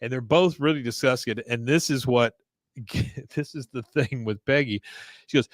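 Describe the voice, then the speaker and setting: A man hosts a casual podcast recap of a cartoon episode. He narrates in an ordinary middle-pitched voice and slips into exasperated outbursts, acting out the characters. The recording is dry and close. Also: unhurried, dry recording. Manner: animated, exasperated, acts out quotes. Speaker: podcast host.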